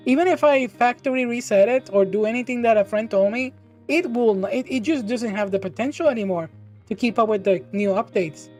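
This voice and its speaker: Woman host, higher voice, excitable and giggly, chatty stream banter over faint music. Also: a little fast. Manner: bubbly, laughs often, exclaims and restarts. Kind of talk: casual livestream chat reading viewer questions.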